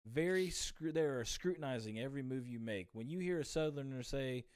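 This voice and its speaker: A man's voice: medium pitch, lively intonation, fairly quick, darkish tone, clear, resonant tone, no room sound. A man from the US South with a Southern accent, hosting a casual stream chat in a laid-back, rambling, joking way. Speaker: streamer host.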